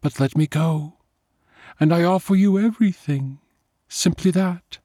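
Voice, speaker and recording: A man's voice: fairly high pitch, measured pace, dark tone, dry recording, studio quality, voice pushed up. A man voicing a cold, seductive male vampire in a thin, ringing voice, as part of a story reading. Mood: pleading.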